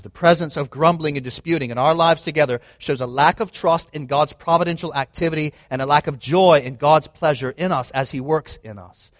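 A man's voice: a little high, no echo. A man preaching a sermon in an earnest, emphatic way, often restating his points. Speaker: pastor.

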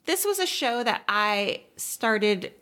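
A woman co-hosting a podcast, chatting casually and enthusiastically about TV shows she has been watching, with lots of "like" and quick asides. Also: medium pitch, very animated, bright, forceful tone. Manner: chatty and enthusiastic, many fillers. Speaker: podcast co-host.

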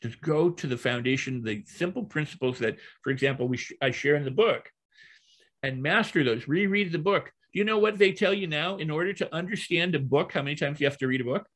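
An older man, a guest trainer and hypnotist, teaching through stories in a lively conversational way and repeating phrases as they build. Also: fairly high pitch, a little fast.

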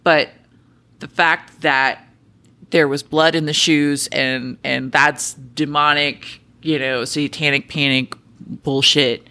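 A woman co-hosting a podcast in casual chat, excitable and sweary, often trailing off mid-thought. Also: deep voice, slow pace. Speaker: podcast co-host.

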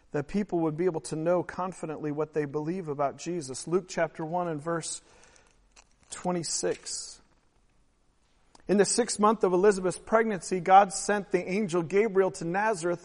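A man preaching a sermon as pastor, emphatic and swelling louder on key phrases. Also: sits high. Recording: long hall reverb.

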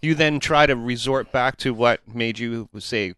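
A man's voice: mid-range voice, unhurried, fairly bright tone, clear, resonant tone, no room sound, studio quality. A man hosting a casual chat, mostly cheering the guest on with short agreeing replies.

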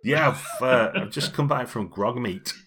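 A man's voice: mid-range voice, a little slow, a bit bright, breathy edge. A middle-aged British man co-hosting a role-playing podcast, chatting casually and rambling with frequent laughs. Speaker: podcast co-host.

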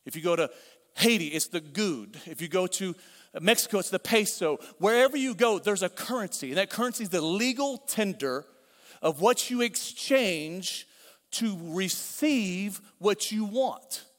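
Middle-aged male pastor, high voice, chatty preaching with repetition, church hall with long reverb. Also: expressive, measured pace. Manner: conversational preaching with repeated phrases and asides. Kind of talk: sermon.

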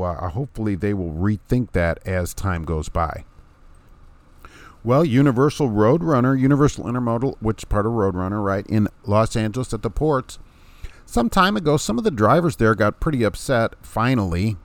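Male host, sarcastic monologue, lowish voice, dead-dry sound. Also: a little mellow, dry recording. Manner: sarcastic, emphatic, chuckling to himself. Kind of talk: opinionated monologue.

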